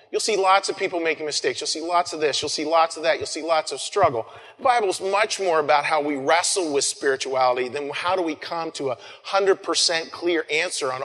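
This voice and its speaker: A male pastor delivers an Easter sermon in a loose, conversational way, circling back on his words and letting phrases trail off softly. His voice sits a little high for a man. The sound carries a long reverb from a large hall. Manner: conversational, with frequent restarts and soft trailing phrases.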